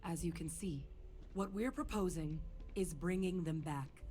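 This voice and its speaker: An actress plays a game researcher laying out a proposal, her voice a little low and her delivery measured and explanatory. Faint music sits beneath her. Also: warm tone, close to an everyday voice. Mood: explaining. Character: woman researcher pitching a plan. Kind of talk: video game dialogue.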